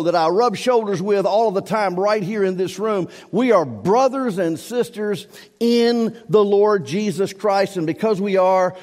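In a church sanctuary with a long reverb tail, a pastor preaches to his congregation in a high, slightly mellow male voice. He's emphatic, repeating key words as his volume swells and drops.

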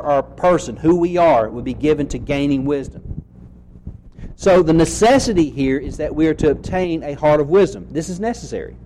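A man delivers an earnest expository sermon, slowing down to read scripture aloud and stopping to ask rhetorical questions. His voice is mellow and sits a little high for a man. A faint background hiss runs under the recording. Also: low-quality recording. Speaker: preacher.

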